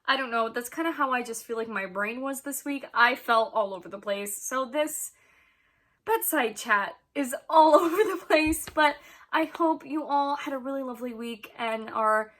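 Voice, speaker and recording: A woman's voice: sits high, fairly bright tone. A young woman chatting casually to her camera as a vlogger, rambling with many ums and frequent laughs.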